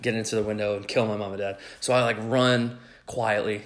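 A man's voice: on the low side, quick pace, hardly any pauses. A young man in casual chat, telling a crude story full of swearing and laughter. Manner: profane, animated, laughing storyteller.

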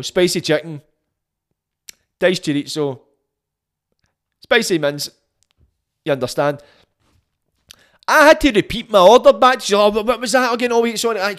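A young man with a Glaswegian Scottish accent, hosting a podcast and telling a sweary, animated story, acting out quotes along the way. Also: fairly high pitch. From Scotland. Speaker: podcast host. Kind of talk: casual storytelling monologue.

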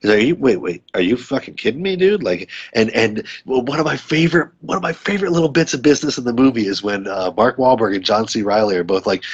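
A man's voice: mid-range voice, animated, quick pace, few pauses, breathy edge, muffled recording. A man hosting a podcast in a casual, profane film-review chat, who acts out scenes as he talks about them. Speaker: podcast host.

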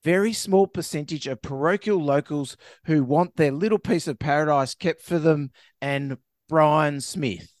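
A man's voice: a little high, unhurried, hardly any pauses, dry recording, studio quality. A man co-hosting a comedy podcast, reading a news story aloud and joking around. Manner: jokey, reads news story aloud with asides. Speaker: podcast co-host. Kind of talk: casual comedic podcast chat.

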